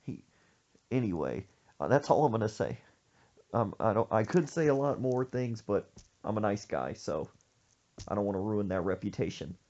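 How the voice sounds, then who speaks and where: A man hosting a podcast, telling a story in an animated, jokey way. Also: fairly low pitch, moderate pace, long pauses, muffled recording. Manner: animated, jokey, acts out quoted voices. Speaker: podcast host. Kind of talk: casual storytelling chat.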